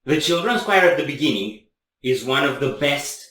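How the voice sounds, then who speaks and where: A man's voice: medium pitch, expressive, normal speed, fairly bright tone, roomy sound. A man hosting a casual music reaction chat, talking enthusiastically and rambling.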